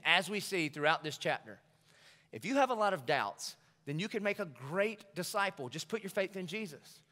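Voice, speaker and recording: Man, pastor, bright voice, lively storytelling sermon, long hall reverb. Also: a little high. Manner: animated storytelling preacher acting out scenes. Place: large church auditorium.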